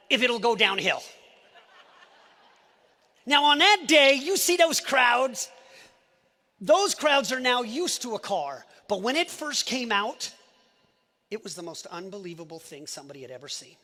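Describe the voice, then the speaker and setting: A man giving an emotional presentation on stage at a live company event, swinging between shouted lines and hushed asides. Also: extremely high pitch, very animated, a little slow, pauses often. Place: event stage before an audience.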